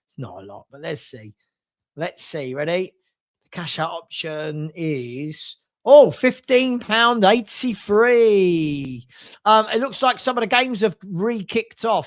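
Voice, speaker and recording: A man in middle age with a London accent runs a relaxed live stream, chatting between football scores and viewer messages. His voice sits high for a man. He talks in a loose, offhand way. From South London. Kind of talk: casual live-stream chat.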